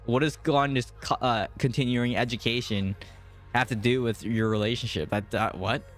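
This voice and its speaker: A man's voice: mid-range voice, normal speed, a bit bright, faint music behind. A man in his thirties with a Mid-Atlantic American accent, casually rambling on a live game stream and answering viewer chat. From US Mid-Atlantic region.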